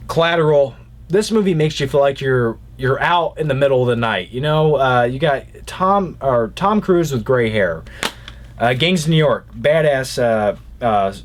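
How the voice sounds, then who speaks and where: A man's voice: mid-range voice, a little hiss or hum. A young man casually reviewing movies in a rambling way, with jokey asides.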